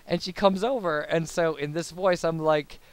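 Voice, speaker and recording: Casual young male commentator, high voice, rambly and chatty. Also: fairly even intonation, normal speed, smooth. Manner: rambling and babbling, lots of fillers and tangents. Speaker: let's play commentator. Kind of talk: casual post-commentary chat over gameplay.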